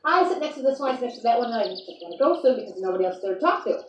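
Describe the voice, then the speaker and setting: A woman's voice: a little high, lively intonation, rapid-fire. A woman rambling playfully through an improvised monologue in the persona of a star sign, amused by herself. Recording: echoey room, from far off, dull lo-fi sound, faint noise.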